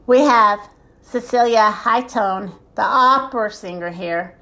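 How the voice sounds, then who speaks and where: A woman's voice: mid-range voice, measured pace, pushed and bright. A woman voicing a bossy male hotel cook who gives instructions and warnings in a storybook. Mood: instructing.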